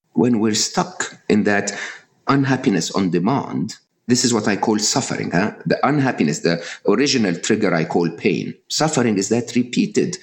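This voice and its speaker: A middle-aged man speaking as a podcast guest, emphatic and repeating words for stress. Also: mid-range voice. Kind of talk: animated interview talk.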